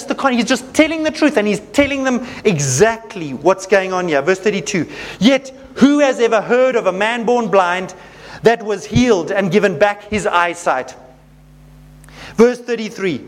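A man preaching a sermon, reading scripture aloud and commenting with animated emphasis. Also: high-pitched.

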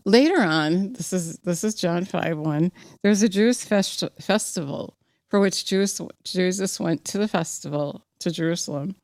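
With a fairly low, slightly mellow voice at a moderate pace, a woman preacher delivers an impassioned personal sermon, urging on her audience and climbing to emphatic heights. She reads scripture aloud and stumbles a little, recorded without echo.

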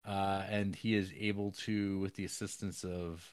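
Low-voiced man rambling through a film recap. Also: little pitch movement, moderate pace, clear, resonant tone, no room sound, clean studio sound. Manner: rambling, filler-heavy, wry and profane. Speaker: podcast co-host.

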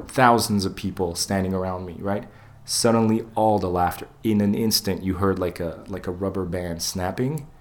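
A man with a deep, low voice tells a tale on a casual podcast, swearing freely and slipping into the voices of the people in it. He keeps the talk loose and animated. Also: moderate pace, few pauses. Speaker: podcast co-host. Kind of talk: casual storytelling chat.

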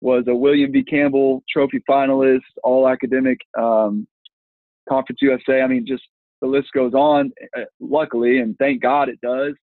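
A man, a football coach telling an animated story from his playing days in an interview, voicing the people in it as he goes. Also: medium pitch, normal speed, no room sound. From Texas. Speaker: football coach, former college lineman. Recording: tinny phone-like line, dry.

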